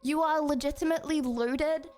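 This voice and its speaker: A young woman with a southern English accent chats to her stream in a high, bouncy voice. She rambles, giggles and fills her talk with "like" and "um". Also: moderate pace, faint music behind. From England. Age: young adult. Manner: animated, giggly, rambling with many fillers. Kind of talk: casual live-stream chat.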